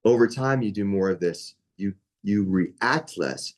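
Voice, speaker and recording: A young man with a fairly low voice leads a yoga training class. He talks casually and conversationally, stopping often to check in with his students. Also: a little slow, few pauses. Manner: casual, conversational, with many asides and "right?". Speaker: yoga teacher.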